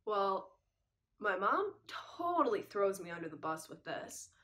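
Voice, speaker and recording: A young woman chatting casually as she tells a personal story, lively and acting out the dialogue. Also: medium pitch, moderate pace. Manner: lively retelling that acts out the dialogue. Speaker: vlogger telling a personal story.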